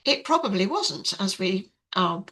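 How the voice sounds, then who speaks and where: Older woman, chatty, lots of ums, bright tone. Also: medium pitch, big pitch swings, unhurried, rough recording. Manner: frank, chatty, many fillers. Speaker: podcast guest. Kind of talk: casual storytelling.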